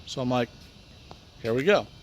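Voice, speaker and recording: A man's voice: mid-range voice, lively intonation, moderate pace, slight background noise. A man in a casual vlog, telling a rambling, frustrated story about a medical appointment and acting out both sides of each conversation. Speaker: vlogger recounting a medical appointment.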